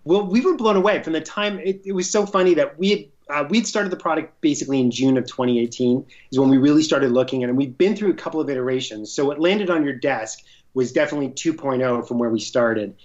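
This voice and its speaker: A man, a guest entrepreneur, telling a story in a casual interview, excitable and laughing often. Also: fairly high pitch, fast, highs cut off.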